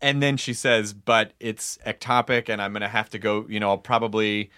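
A man's voice: on the low side, flat delivery, moderate pace, pushed and bright, clear, resonant tone, no room sound, clean studio sound. A man hosting a podcast, telling a personal story in candid casual chat with frequent restarts. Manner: candid storytelling, self-interrupting. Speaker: podcast host.

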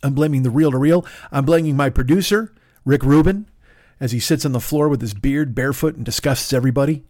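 With a medium-pitched, darkish voice and a brisk pace, this podcast host runs a solo comedy show at his home-studio desk. He rambles, interrupting himself with sarcastic asides, and records on a studio microphone.

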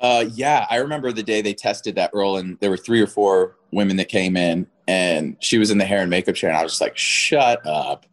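A man's voice: sits low, brisk, hardly any pauses. A man in his thirties, an actor guest in a casual interview, rambling and repeating words as he talks, often laughing.

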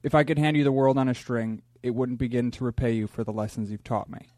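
Comedian, mid-pitched man, dry close sound, earnest letter reading. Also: quick pace, a little mellow, no room sound. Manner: earnest and heartfelt.

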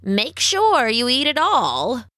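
A woman's voice: fairly high pitch, huge pitch swings, slow, bright, forceful tone, no echo, studio quality, voice pushed up, full character voice. A woman voicing an old, bent-backed witch in a storybook reading, speaking in a cooing, sing-song way. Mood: sweetly bossy.

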